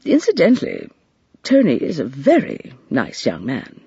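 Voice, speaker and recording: A narrator voicing a brisk, kindly male doctor in an audiobook. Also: medium pitch, huge pitch swings, mellow, husky, no room sound, dull audio, heavily acted. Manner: brisk, commanding.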